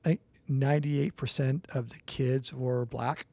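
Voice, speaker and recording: A man's voice: mid-range voice, steady tone, a little slow, dark tone, no echo. A middle-aged man co-hosting a church podcast, telling a personal story in a rambling, earnest way with restarts. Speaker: podcast co-host. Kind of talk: casual storytelling chat.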